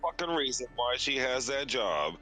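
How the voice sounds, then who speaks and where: A man's voice: mid-range voice, big pitch swings, moderate pace, pushed and bright. A man chatting casually on a stream in a laid-back, drawling way with plenty of cursing. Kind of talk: casual chat.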